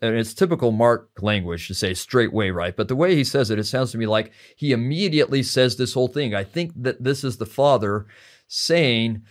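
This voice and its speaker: A man who teaches scripture, a podcast guest, talking through a passage in a heartfelt, reflective way and slowing down to stress key phrases. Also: medium pitch. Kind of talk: conversational scripture discussion.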